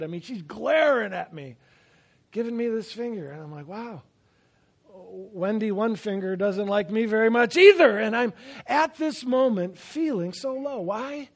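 A man preaching a sermon, telling stories with self-deprecating humor and swinging between loud emphasis and quiet asides. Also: very high voice. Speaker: pastor.

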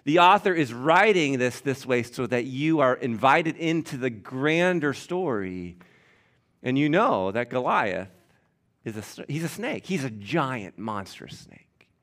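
A pastor preaching an animated, emphatic sermon, teaching from scripture and speaking directly to his congregation. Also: medium pitch, unhurried.

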